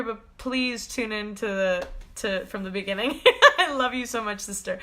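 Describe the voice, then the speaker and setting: A woman's voice: medium pitch, measured pace, pushed and bright. A woman hosting a live stream as a spiritual coach, gushing and affectionate, laughing often and rambling loosely with lots of fillers. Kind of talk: live-stream talk to viewers.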